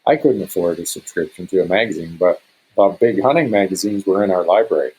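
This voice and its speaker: A middle-aged man from Montana, a hunter guesting on a podcast, telling a story in an animated way and acting out what others said. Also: low-pitched, fast, slightly rough, poor audio. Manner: animated, acts out quoted speech in a raised voice.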